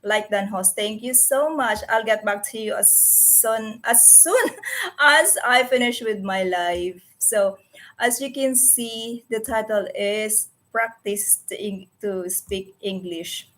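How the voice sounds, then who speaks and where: A woman's voice: mid-range voice, slow pace, a bit bright. A woman in her forties with a Filipino accent, whose first language is Tagalog, hosting a casual live stream from her computer. She talks earnestly and often stops to search for words and correct herself. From Philippines. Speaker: livestream host.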